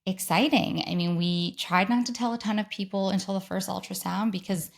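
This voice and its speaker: A woman in her thirties hosts a solo podcast episode and tells a personal story in a chatty, excited way. She acts out the voices of the people in her story. Her voice sits at a middle pitch for a woman. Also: brisk, gravelly. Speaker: podcast host.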